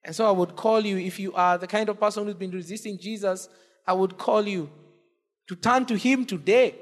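A man with a high voice preaches an impassioned sermon from the pulpit. His voice rings with the long reverb of a church hall, and it climbs on repeated cries. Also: steady tone, normal speed. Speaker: pastor.

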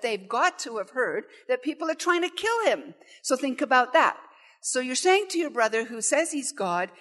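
A woman preaching a sermon in a church, conversational and animated, acting out quoted voices. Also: high voice, moderate pace.

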